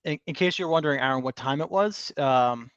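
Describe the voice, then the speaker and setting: A man hosts a casual livestream, chatting and joking as he reads out viewer comments. His voice sits at a mid pitch. The sound is dry and a little dull, like a modest lo-fi mic. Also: fairly quick, a bit bright, clean tone, no room sound. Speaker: livestream co-host.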